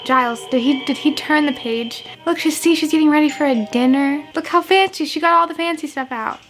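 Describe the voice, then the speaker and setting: A young woman with a high, bright voice talks casually as she reacts to a show. She is animated, laughs a lot and swears now and then. Music from the show plays behind her. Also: a little fast, low-quality recording. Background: episode soundtrack playing.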